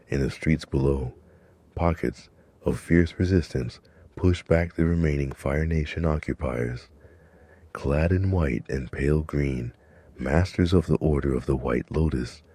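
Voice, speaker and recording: Very deep, husky male narrator. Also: warm tone. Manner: measured, dramatic storytelling. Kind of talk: scripted narration.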